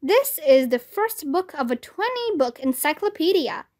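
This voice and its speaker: A woman's voice: high voice, sing-song, moderate pace, darkish tone. A woman voicing a matter-of-fact female ghost in a children's story. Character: bossy female ghost librarian.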